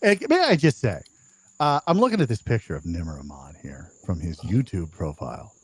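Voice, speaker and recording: A man's voice: deep voice, very animated, fairly quick, husky. An older man hosting a casual live-stream chat, chatty and laughing, reading out viewer comments, his voice a bit worn. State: losing his voice. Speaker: podcast host.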